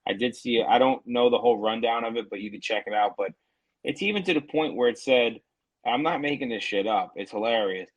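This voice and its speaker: A man co-hosting a podcast over a remote call, talking in a profane, animated way and mocking other people's voices. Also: medium pitch, a little fast, dry recording, highs cut off. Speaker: podcast co-host. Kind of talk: casual heated chat.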